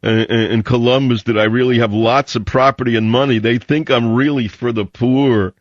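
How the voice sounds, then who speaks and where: A man voicing a smug rich male poet who fakes a gentle, calm manner, in a high, mocking, sing-song tone, on dull lo-fi radio audio. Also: moderate pace, no room sound, lightly acted.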